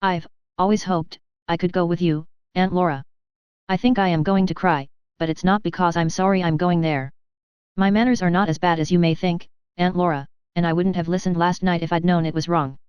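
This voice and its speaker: Earnest orphan girl read by a woman, pleading and anxious, clear smooth voice. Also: lowish voice, steady tone, brisk, dry recording, lo-fi sound, natural voice.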